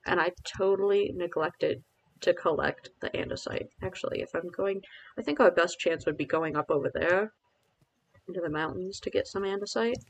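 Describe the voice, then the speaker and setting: A man's voice: high voice, moderate pace, vocal fry, slight background noise, poor audio. A man streaming a game live, chatting casually and rambling with self-mocking asides to his viewers.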